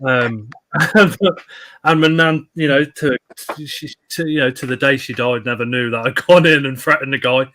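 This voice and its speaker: A man's voice: mid-range voice, moderate pace, a bit bright. A man in his thirties telling blunt, sweary anecdotes on a live stream. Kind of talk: casual storytelling chat.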